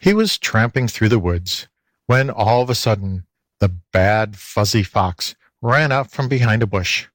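Man reading children's story, slow pace, lively sing-song pitch, dry close sound. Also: no echo. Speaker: volunteer audiobook reader. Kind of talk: storybook narration.

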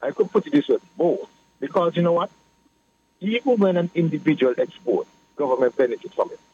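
A man's voice: on the high side, expressive, a little mellow. Man over muffled radio. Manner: measured, explanatory, repeats phrases. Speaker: political guest. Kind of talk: radio talk discussion. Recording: muffled radio broadcast with faint hiss.

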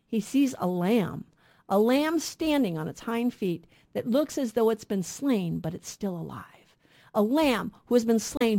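A woman's voice: fairly high pitch, darkish tone. A middle-aged woman co-hosting a Catholic radio Bible show, teaching earnestly and asking rhetorical questions.

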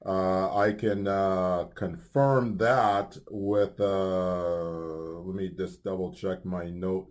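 A man's voice: low-pitched, fairly even intonation, drawn-out words, darkish tone. A man hosting a Christian radio show, talking casually with many fillers and restarts between upbeat announcements. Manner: rambling, filler-heavy, upbeat. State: hiccups. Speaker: radio host.

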